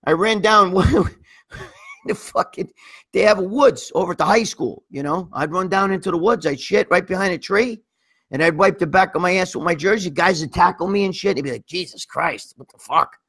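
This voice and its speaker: Middle-aged male livestream host, husky and raspy, pitched high, profane and rambling. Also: moderate pace, fairly bright tone. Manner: profane, rambling, lots of restarts and "you know what I mean". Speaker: livestream host reading viewer comments. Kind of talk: crude casual storytelling.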